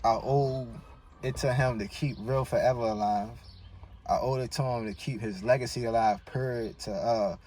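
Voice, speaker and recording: A man's voice: mid-range voice, fairly even intonation, moderate pace, a little mellow. A man from Baltimore with a Baltimore accent, a guest telling a personal story in a slangy, emotional, rambling way. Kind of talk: personal storytelling in casual chat. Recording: distant mic with faint noise.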